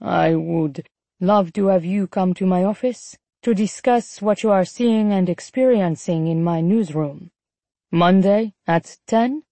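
Woman playing older french-accented male executive, suave, unhurried, charming, dry close sound. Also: fairly low pitch, mellow, no echo.

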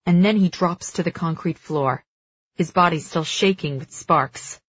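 A woman narrating dramatic first-person fiction as an audiobook reader, measured and slowing for tense moments. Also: on the low side, husky, no echo, lo-fi sound.

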